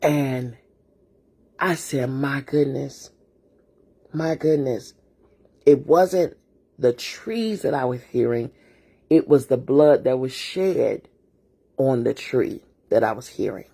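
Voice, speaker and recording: A woman's voice: a bass voice, animated, slow pace, creaky, dark tone, slightly rough. A woman host telling a personal story in a casual, earnest way, often repeating her words. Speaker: host and therapist. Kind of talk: emotional storytelling monologue.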